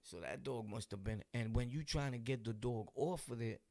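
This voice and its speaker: A young man with a New York accent telling street stories in a casual, animated, slang-heavy way. He laughs often and acts out voices. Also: mid-range voice, moderate pace, no room sound. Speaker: vlogger telling true stories.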